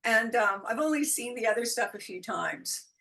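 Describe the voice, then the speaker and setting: A middle-aged woman from the United States chats as an interview guest, her voice sitting a little high and swinging widely as she tells her stories. She laughs often and slips into playful voices for the people she quotes. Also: normal speed, gravelly, low-quality recording. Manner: animated storytelling, frequent laughs, acts out quoted voices. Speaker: guest, intuitive guide. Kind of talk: casual interview chat.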